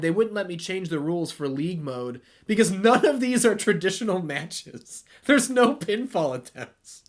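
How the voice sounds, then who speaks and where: A man hosting a wrestling video game playthrough, chatting casually, laughing and swearing, then shouting play-by-play at the big moves. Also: high voice. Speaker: let's play host.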